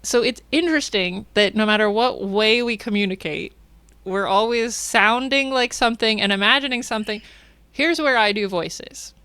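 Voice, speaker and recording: A woman hosting a podcast in casual chat, curious and chatty, quick to laugh. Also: a little high, pushed and bright, clean tone, dry recording. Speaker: podcast host.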